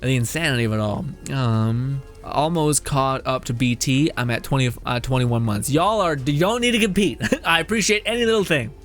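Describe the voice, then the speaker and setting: A man's voice: mid-range voice, normal speed, few pauses, a bit bright, soft background music. A man streaming a game, chatting casually with viewers and reading out their messages, laughing often and swearing freely.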